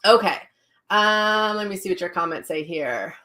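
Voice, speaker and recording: A woman's voice: mid-range voice, animated, moderate pace, sharp tone. A middle-aged woman, a psychic medium, casually chatting on a live stream, telling stories and reading viewer comments aloud.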